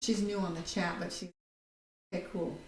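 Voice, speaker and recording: A woman of Irish heritage gives casual live tarot readings in a lowish, darkish voice with little pitch movement and normal speed. Chatty and blunt, she reads out viewer comments and swears now and then, in an echoey room with faint noise.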